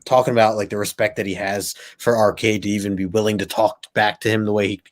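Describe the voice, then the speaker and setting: Man, co-host, low voice, rambling, lots of likes and ums. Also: flat delivery, fast talker. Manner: rambling, many likes and ums, laughs easily. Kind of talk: casual comic book discussion.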